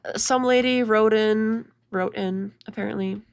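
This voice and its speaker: Gravelly-voiced woman, sarcastic chatty commentary. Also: medium pitch, steady tone, a little slow. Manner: chatty, mocking, full of "like" and restarts. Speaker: commentary video host. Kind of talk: casual, sarcastic commentary over clips.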